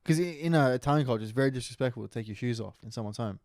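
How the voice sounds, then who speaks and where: A man's voice: mid-range voice, racing, no room sound, clean studio sound. A young man, co-hosting a casual podcast and telling stories with a lot of energy. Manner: animated storytelling with put-on doctor voice. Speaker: podcast co-host. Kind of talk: casual chat.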